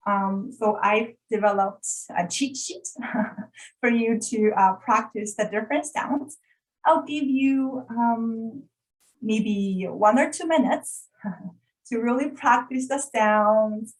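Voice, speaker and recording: A woman's voice: a little high, slow pace, poor audio. A woman presenting an online workshop over a video call, carefully demonstrating and repeating sounds for learners to copy.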